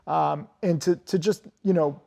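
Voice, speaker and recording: High-voiced man, blunt and profane. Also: fairly even intonation, gravelly, warm tone. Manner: rapid, filler-heavy, blunt and profane. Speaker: interview guest, stock trader. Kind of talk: casual interview talk.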